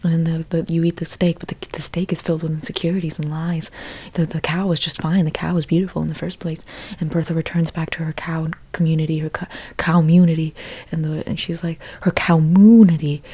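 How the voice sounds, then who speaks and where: A young female ASMR creator does a whispered role-play, rambling through an absurd monologue mostly in a whisper and often stumbling and restarting. Her voice is low, level, fast, warm and slightly rough.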